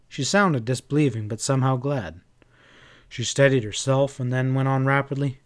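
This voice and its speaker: Guy reading a western audiobook, steady even voice, mid pitch. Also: moderate pace. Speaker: audiobook reader. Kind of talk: scripted western novel narration.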